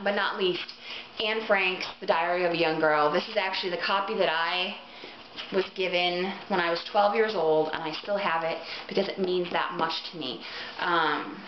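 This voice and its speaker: A woman's voice: lowish voice, slight background noise. A woman recording a casual vlog, gushing earnestly about books she loves, with plenty of ums. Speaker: book vlogger. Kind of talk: casual book recommendation vlog. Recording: roomy, dull lo-fi webcam audio.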